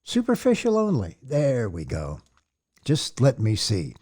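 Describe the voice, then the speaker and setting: A man voicing a huge bearded shepherd messiah in an audiobook, speaking in a gentle, rumbling, folksy way. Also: big pitch swings, moderate pace, breathy edge. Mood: soothing. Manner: soothing, folksy, with occasional stern reprimand. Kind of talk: audiobook character voice.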